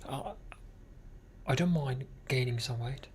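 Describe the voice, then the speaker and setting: A man's voice: medium pitch, fairly even intonation, a little slow, a little hiss or hum. A tired, sleepy man chatting casually with his viewers, rambling and slipping into whispers, and calling everyone darling. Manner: drowsy, rambling, often drops to a whisper; keeps calling people darling. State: sleepy and tired after surgery. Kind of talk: casual chat.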